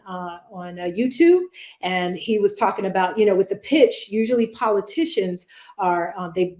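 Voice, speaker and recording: A woman's voice: fairly low pitch, darkish tone, echoey room. A woman leading a virtual public speaking workshop, talking conversationally with fillers and frequent "right?" check-ins. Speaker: workshop presenter.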